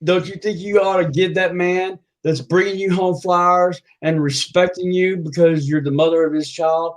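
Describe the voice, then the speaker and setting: Man, insistent lecturer, livestream argument, somewhat high pitch. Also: fairly even intonation, moderate pace, poor audio. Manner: lecturing, insistent, repeats himself.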